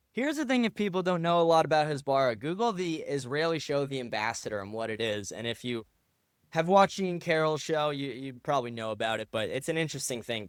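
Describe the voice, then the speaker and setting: A man's voice: medium pitch, no room sound, studio quality. An American man hosting a solo podcast, riffing profanely and combatively while answering listener comments. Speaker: podcast host.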